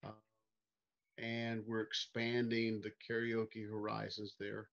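A man from Missouri, answering interview questions in an easygoing, halting way with many fillers. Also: fairly low pitch, completely flat delivery, creaky, fairly bright tone, muffled recording. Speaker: interview guest, singer. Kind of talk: casual interview chat.

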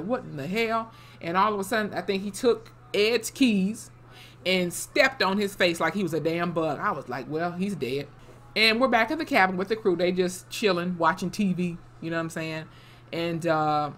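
Casual episode recap, slangy, cussing, rambling, lots of fillers, mid-range pitch. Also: a bit bright. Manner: loose, slangy, profane storytelling with many fillers. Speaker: TV episode reviewer.

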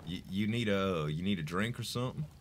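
A man chatting in character during a roleplay game, laid-back and halting, often restarting his words. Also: low-pitched, a little hiss or hum. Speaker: roleplay player.

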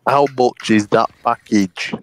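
A tired man, mumbling and low-key in a gaming voice chat. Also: slow, very noisy. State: tired, drowsy. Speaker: gamer in voice chat. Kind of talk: casual banter.

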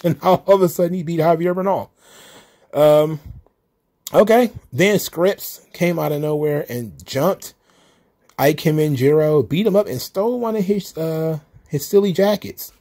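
A man's voice: a little high, lively intonation, moderate pace, darkish tone. A man hosting a solo recap show, ranting in an exasperated, profane, casual way. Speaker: wrestling commentary host.

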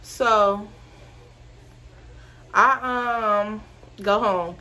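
Animated profane young woman. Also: mid-range voice, normal speed. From Georgia, US. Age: 20s. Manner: animated, profane, laughs through the story. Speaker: vlogger. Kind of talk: casual storytime.

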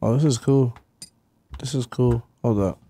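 Man co-host, casual gaming chat, dark mellow tone, relaxed asides. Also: medium pitch, a little slow. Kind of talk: casual chat while setting up a game.

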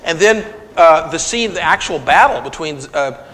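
A man giving a conversational lecture to an audience, animated and retelling scenes with quoted dialogue. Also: fairly high pitch, moderate pace. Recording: long reverb of a lecture hall.

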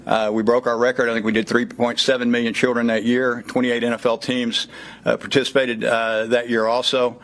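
A man's voice: medium pitch, flat delivery, brisk, a bit bright. Texas guy in his fifties, southern drawl, folksy press conference talk with lots of uhs. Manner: folksy, frequent "uh" fillers. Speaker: child safety program speaker.

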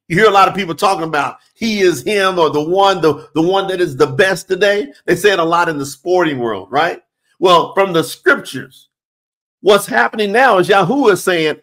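A man's voice: high-pitched, moderate pace, a bit bright. A man teaching scripture, reading verses aloud and stressing them emphatically with rhetorical questions. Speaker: Bible teacher.

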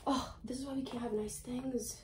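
A woman's voice: on the high side, steady tone, moderate pace, a little hiss or hum. A young woman chatting casually in a home vlog, rambling and poking fun at herself. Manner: chatty, self-mocking, rambling. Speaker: YouTuber.

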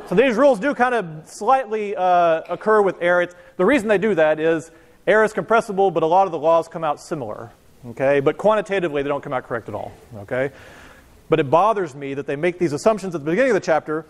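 A man teaching a university physics lecture, animated and joking as he talks to his class. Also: on the high side. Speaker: physics professor. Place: lecture hall. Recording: reverberant lecture hall.

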